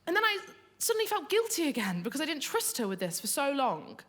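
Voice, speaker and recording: A woman's voice: high voice, wildly swooping pitch, fast talker, a bit bright. A young woman telling a comic, confessional story onstage at a live storytelling event. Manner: comic, confessional, builds to punchlines.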